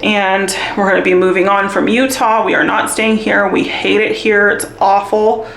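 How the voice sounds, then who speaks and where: A woman's voice: medium pitch, fairly even intonation, normal speed, creaky, a bit bright, echoey room. A woman vlogging at home, chatting candidly to the camera with frequent laughter. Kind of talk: casual chat to camera.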